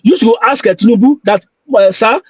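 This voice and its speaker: A man's voice: sits high, expressive, a little fast, a little mellow, slightly rough, no echo, highs cut off. A man calling in to a live talk show, insistent and repetitive, often stumbling over his words. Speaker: caller. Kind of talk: call-in chat on a live show.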